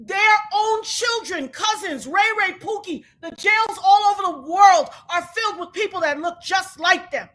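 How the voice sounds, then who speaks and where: A woman livestream host in an angry rant, shouting, repeating herself and near tears with rage. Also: very high-pitched, moderate pace, hardly any pauses. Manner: furious, shouting, repetitive.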